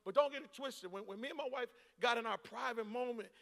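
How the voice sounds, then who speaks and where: A pastor from Boston preaching a sermon to his church, moving from quiet storytelling to shouted exhortation. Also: very high voice, fast, vocal fry, in a large hall. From Boston, United States. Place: church auditorium.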